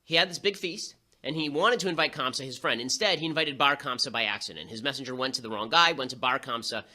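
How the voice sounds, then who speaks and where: A man hosting a show, delivering a rapid-fire, sarcastic political commentary monologue with quick asides. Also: mid-range voice, sharp tone. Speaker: host.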